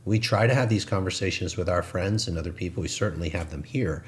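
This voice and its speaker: A man with a very deep voice co-hosts a spiritual talk show. He talks in a reflective, coaching way, like a gentle preacher. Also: fast. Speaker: co-host.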